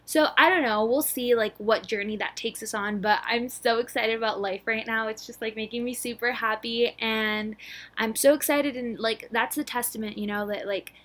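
A young woman in her twenties chats alone into her podcast mic, bubbly and a little out of breath. She rushes through her thoughts with plenty of filler words. Her voice sits a touch high. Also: fairly even intonation, a bit bright. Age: 20s. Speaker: podcast host. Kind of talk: casual solo podcast chat.

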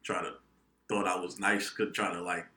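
A young man co-hosting a podcast, telling a profane, animated story among friends. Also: low voice, moderate pace. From New England, United States. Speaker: podcast co-host. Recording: echoey room.

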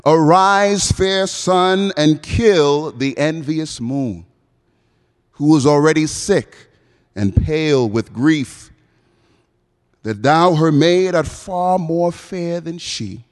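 Romeo, ardent young male lover, man reciting, semi-Bahamian American accent, slow stagey delivery, big echoing hall. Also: a little high. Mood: lovestruck. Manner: dramatic stage recitation with long pauses. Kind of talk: Shakespeare recitation within a sermon.

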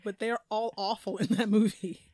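A woman co-hosting a casual podcast, animated and candid, laughing often. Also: medium pitch, normal speed, no room sound, studio quality. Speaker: podcast co-host.

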